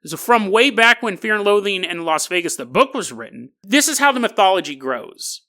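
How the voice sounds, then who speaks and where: Podcast host rambling casually, lively voice, bright tone, lots of quick restarts. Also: mid-range voice. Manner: animated, joking, with quick restarts. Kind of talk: casual monologue on conspiracy lore.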